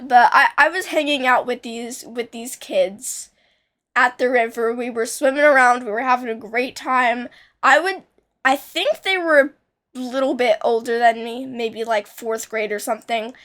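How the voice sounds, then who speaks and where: A woman's voice: on the high side, normal speed, fairly bright tone. A young woman telling a childhood story in a casual, rambling way, with many restarts and fillers.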